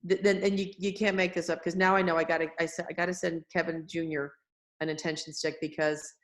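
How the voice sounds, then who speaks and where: A woman's voice: on the low side, level tone, fast talker. A woman doctor as a guest, earnestly explaining her view with frequent restarts. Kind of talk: conversational interview.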